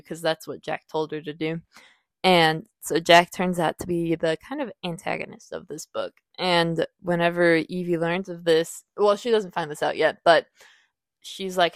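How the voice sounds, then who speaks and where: A young woman talks through a book review on her podcast in a casual, animated way. Her voice sits a little low for a woman. The recording is dry and close, with no room sound. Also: no room sound. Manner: chatty, animated, acts out characters' lines in quick bursts.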